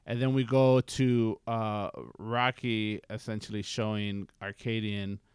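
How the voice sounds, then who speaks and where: Smooth low-voiced man, laid-back chat. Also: little pitch movement, measured pace, a little mellow, no room sound, clean studio sound. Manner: easygoing, agrees often, laughs along. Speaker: podcast co-host. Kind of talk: casual movie rewatch chat.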